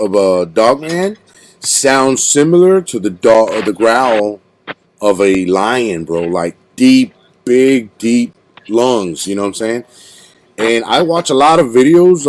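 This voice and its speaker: Male podcast host, rambling slangy casual talk, lowish voice, faint background noise. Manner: rambling, slangy, calls listener bro and dude. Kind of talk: casual interview chat.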